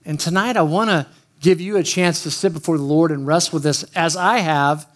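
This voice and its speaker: A man preaches in a light, high voice. He opens with a casual, joking personal story and keeps talking straight to the people in front of him. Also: fairly quick. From Oklahoma, USA. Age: 50s. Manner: chatty, joking, talks straight to the room. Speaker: pastor. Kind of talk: storytelling sermon.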